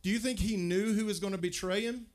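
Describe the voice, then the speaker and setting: A pastor preaching a sermon, conversational and emphatic, full of rhetorical questions. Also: male voice, sits high, steady tone, fast talker.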